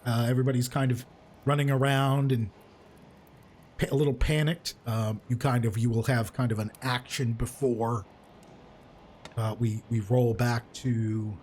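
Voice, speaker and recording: A man narrating as the game master of a tabletop game, his voice sitting at an ordinary middle pitch. He talks in a loose, rambling way, full of fillers and restarts. A faint hiss of noise runs under his home mic. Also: a little mellow.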